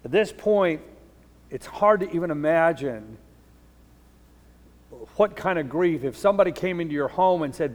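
Pastor preaching in a reverberant hall. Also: male voice, lively intonation, normal speed, long pauses. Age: middle-aged. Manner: earnest storytelling, drops low and soft for grief. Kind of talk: sermon.

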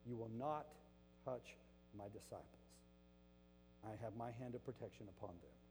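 A preacher voicing Jesus as a calm, commanding man who speaks low and hushed. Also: normal speed, in a large hall, music in the background, close to an everyday voice. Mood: quiet, firm. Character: calm commanding male Jesus figure, quiet, unshaken.

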